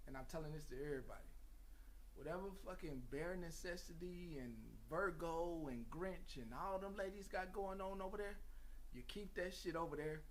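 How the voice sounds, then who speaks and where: A man's voice: fairly high pitch, a bit bright, a little hiss or hum. A man hosting his own gossip channel, talking casually in a profane, rambling, emphatic way, repeating his warnings and apologies.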